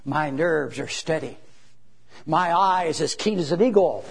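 A man's voice: a little high, lively intonation, unhurried, breathy edge, pitched below the performer's own voice, exaggerated voice. A boastful showman juggler , as a preacher puts him on. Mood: confident. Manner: proud, showy. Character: boastful middle-aged male juggler, showing off.

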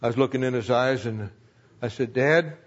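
A man's voice: mid-range voice, steady tone, fairly quick. An older man telling a rambling, folksy personal story to a church audience, with lots of fillers and restarts. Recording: dull lo-fi recording.

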